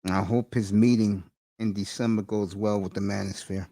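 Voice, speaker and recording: A man's voice: lowish voice, level tone, normal speed, warm tone. A middle-aged man hosting a morning talk stream, chatting loosely with listeners in slangy banter and laughing often. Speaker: host of a morning talk show. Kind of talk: casual live-stream chat.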